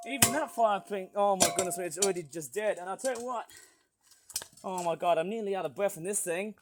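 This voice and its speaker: A man chatting excitedly outdoors while smashing toys for a review vlog, often laughing and whooping. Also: high-pitched, a little fast. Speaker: toy reviewer. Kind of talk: casual toy-smashing vlog. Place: outdoors on a hot day.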